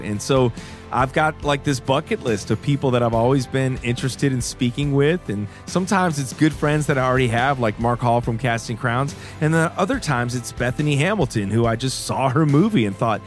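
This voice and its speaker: A man's voice: mid-range voice, animated, faint music behind. Earnest man hosting a call-in podcast. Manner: earnest, emotional, slows to a near whisper when moved. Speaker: podcast host. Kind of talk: warm call-in podcast talk.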